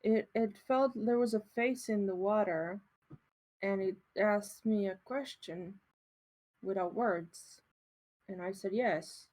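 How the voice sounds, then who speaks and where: A woman speaking in character during a tabletop role-playing game, with halting, simple, unsure phrasing. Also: medium pitch, darkish tone, low-quality recording. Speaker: player.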